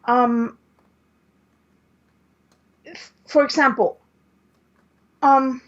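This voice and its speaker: A woman's voice: high voice, fairly even intonation, very slow. A woman co-hosting a podcast, arguing her view in casual chat and often restarting her sentences. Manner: hesitant, restarts often while arguing a point. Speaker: podcast co-host. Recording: dull lo-fi podcast audio.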